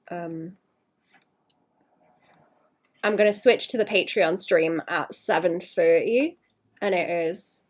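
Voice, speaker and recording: A woman streaming herself drawing, chatting casually in a rambling way that trails off and drops to a quiet murmur. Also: mid-range voice. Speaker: art streamer. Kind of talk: casual live-stream chat while drawing.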